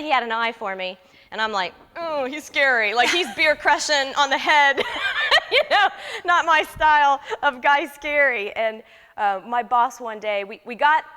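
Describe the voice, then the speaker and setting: Bright, lively woman telling a story. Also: mid-range voice, in a large hall. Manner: lively, laughing, acts out quotes. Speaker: interview guest. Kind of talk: animated storytelling.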